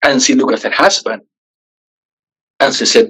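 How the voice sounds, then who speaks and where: Guy guest on an interview, tells his story lively and does everyone's voices. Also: mid-range voice, moderate pace, pauses often, husky, rough recording. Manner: animated storyteller, acts out quoted voices.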